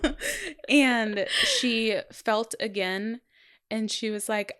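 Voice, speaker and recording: A woman in her thirties chats on a podcast in a medium-pitched voice. She tells her story with animated energy, slipping into the voices of others and breaking into laughter. Her delivery stays casual and conversational. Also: takes it slowly, clear, resonant tone. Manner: animated storyteller who acts out quotes and laughs often. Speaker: podcast co-host. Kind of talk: casual chat, telling a birth story.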